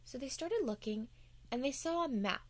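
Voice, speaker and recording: A woman's voice: sits high, animated, moderate pace. A woman telling a playful bedtime story to children as the show's host.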